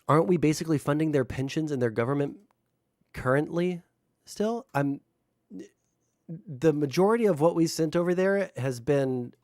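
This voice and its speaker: A man's voice: fairly high pitch, moderate pace, a little mellow, dry recording, studio quality. A man livestreaming and chatting casually with his viewers, rambling with lots of fillers and swearing freely. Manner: talks to chat, unfiltered.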